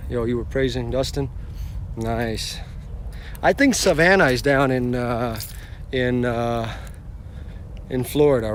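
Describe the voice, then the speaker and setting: A man's voice: mid-range voice, slight background noise. A man driving for rideshare, telling a story on a casual live stream in a rambling way, restarting often and swearing casually.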